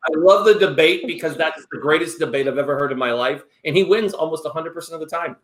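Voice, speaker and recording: A middle-aged man hosting a show, joking and animated in casual banter. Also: a little high, fast talker. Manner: animated and joking, prone to whoops. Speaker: show host. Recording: roomy echo.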